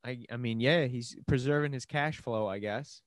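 A man's voice: medium pitch, moderate pace, no room sound. Bantering man from Queens, dry close mic. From Queens, New York. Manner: teasing, bantering, heated when defending his team. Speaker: podcast co-host. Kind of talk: casual chat.

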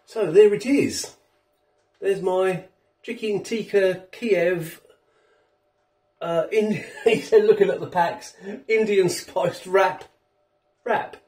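A man's voice: high voice, takes it slowly, long pauses, a little mellow, roomy sound, distant mic. A man with a chatty, rambling manner, reviewing food on his home vlog while he eats. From England. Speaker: food vlogger. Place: home kitchen.

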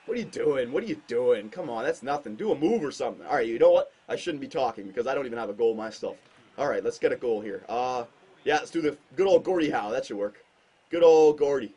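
A man doing casual gameplay commentary on a hockey shootout, excitable and self-mocking, with sudden outbursts. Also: medium pitch, fast talker, slightly rough. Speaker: gaming commentator.

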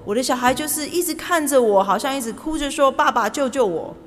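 A woman's voice: high-pitched, expressive, fast. A woman interpreting a sermon sentence by sentence, speaking plainly and steadily. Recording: church hall reverb.

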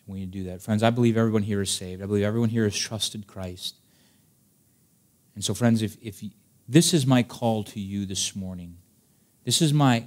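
A male pastor preaching a sermon to his congregation, emphatic and direct, full of rhetorical questions. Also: fairly low pitch. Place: church service before a congregation.

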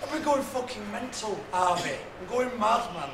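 A man's voice: high voice, expressive, normal speed. A heartbroken young man raging. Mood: desperate. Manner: sweary, pleading and shouting in distress. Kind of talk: television drama acting. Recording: roomy with background noise.

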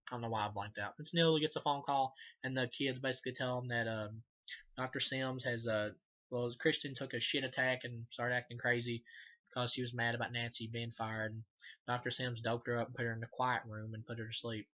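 A man's voice: medium pitch, flat delivery, brisk, bright, forceful tone, highs cut off. A man giving a casual, rambling movie recap, full of fillers, swearing and self-corrections. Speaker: movie reviewer.

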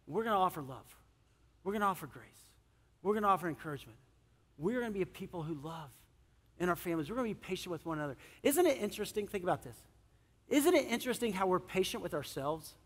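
A middle-aged male pastor preaching a sermon, animated, swinging between loud emphasis and soft, earnest moments. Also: high voice, quick pace, long pauses. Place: church sanctuary. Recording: long church hall reverb.

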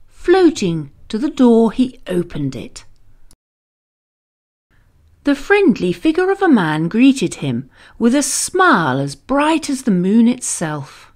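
A woman reading a children's storybook aloud, slow and expressive. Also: on the high side.

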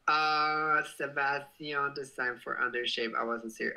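A man's voice: medium pitch, fairly even intonation, unhurried, vocal fry, hardly any pauses, pushed and bright, poor audio. A young man hosting a casual livestream, reading out viewer comments in a bubbly, giggly way and swearing playfully. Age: young adult. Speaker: livestream host.

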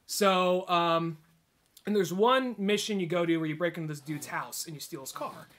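Young male podcast host, high and bright voice, animated casual storyteller. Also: moderate pace. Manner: animated storyteller, acts out game characters' lines. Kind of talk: casual chat.

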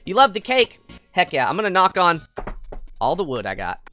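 Bubbly goofy streamer woman with a low voice. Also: sing-song, moderate pace, a bit bright. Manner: bubbly and goofy, swings between squeals and mutters. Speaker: VTuber game streamer. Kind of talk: casual livestream chat with viewers. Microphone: headset mic. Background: faint game music.

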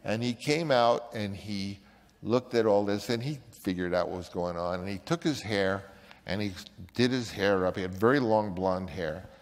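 A man's voice: fairly low pitch, normal speed. Older man telling a story, echoing. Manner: animated storyteller who acts out other people's voices. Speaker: filmmaker recalling a casting story. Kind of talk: anecdotal interview storytelling. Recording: long reverb.

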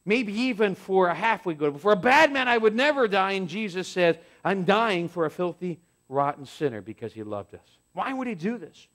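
Guy preaching in church, highish voice, gets loud then drops way down. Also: very animated, normal speed, hardly any pauses. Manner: impassioned preaching, rising and falling in force. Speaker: pastor. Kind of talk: sermon. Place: church sanctuary.

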